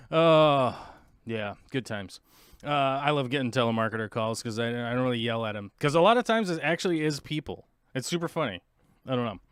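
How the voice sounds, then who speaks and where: A rambling man chatting casually as a show host, his voice smooth and resonant. The sound is dry and close, with no room around it. He drifts between topics and pokes fun at himself. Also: medium pitch, normal speed, dry recording. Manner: rambling, chatty, self-mocking. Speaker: podcast host. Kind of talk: casual livestream chat.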